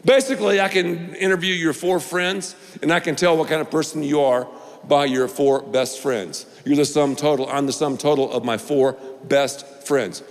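A man's voice: a little high, normal speed. Man, pastor, sermon, emphatic, repeats key lines, playful, long hall echo. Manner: emphatic, repetitive preaching with playful asides.

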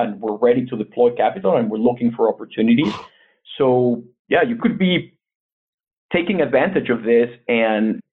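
A man's voice: mid-range voice, husky. Man on a tinny phone-like line. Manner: earnest, advisory, frequent restarts. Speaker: investment bank CEO, guest. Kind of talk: conversational interview answers.

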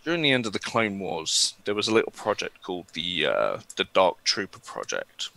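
A man runs a tabletop role-playing session, narrating scenes with plenty of ums and pauses. His voice is fairly low but bright and forceful. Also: wildly swooping pitch, creaky. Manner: hesitant, many ums, chuckles. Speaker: game master.

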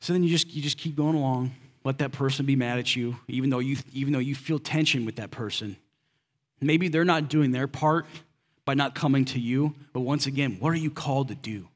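A man's voice: mid-range voice, fairly quick. Casual, conversational preacher man. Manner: conversational preaching with rhetorical questions; casual and direct, slips in slang. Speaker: pastor. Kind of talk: sermon.

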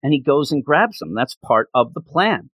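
A man in casual chat, excitedly recapping a comic book issue in a rambling way. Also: medium pitch, moderate pace, slightly rough, no room sound. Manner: enthusiastic, rambling recap with frequent laughs.

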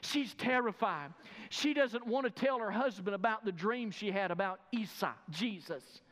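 A man's voice: high voice, normal speed, fairly bright tone. A man preaching a sermon, emphatic and speaking directly to his listeners. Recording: long reverb of a large hall.

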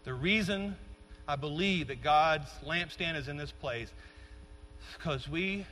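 Impassioned preacher in a ringing church. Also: male voice, a little high, measured pace, pushed and bright, a little hiss or hum. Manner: impassioned, building to emphatic peaks. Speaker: pastor. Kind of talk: sermon. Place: large church sanctuary. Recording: long reverb of a large church.

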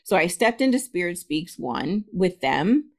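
Animated woman telling a story, laughing often. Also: on the low side, unhurried. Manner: laughs often, acts out quoted voices. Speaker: spiritualist medium, podcast guest.

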